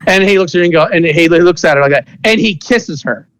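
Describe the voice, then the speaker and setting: Fairly high-voiced man narrating as game master. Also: a bit bright, low-quality recording. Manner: rambling, halting narration with many restarts and fillers.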